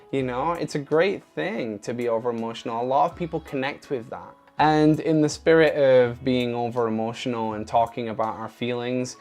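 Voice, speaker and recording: A man talking casually to his viewers in an open, earnest and emotional way. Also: mid-range voice. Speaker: vlogger. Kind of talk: casual talk to camera.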